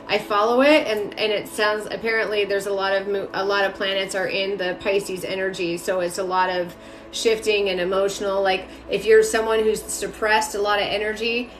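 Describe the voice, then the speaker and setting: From a reverberant home room, a woman streams casual spiritual readings, chatting with viewers, greeting them by name and leaning on lots of fillers. A spiritual reader and mentor, she speaks at a normal speed in a mid-range voice with a level tone.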